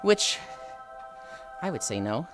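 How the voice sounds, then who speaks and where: A woman's voice: very deep voice, very animated, slow pace. A woman streamer chatting casually, thinking aloud with frequent sighs and reading chat aloud. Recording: faint music behind.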